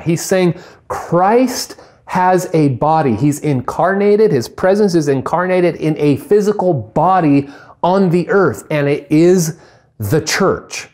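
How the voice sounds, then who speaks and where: Animated man preaching a sermon. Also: fairly high pitch. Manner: animated preaching, acts out comic voices. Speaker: pastor.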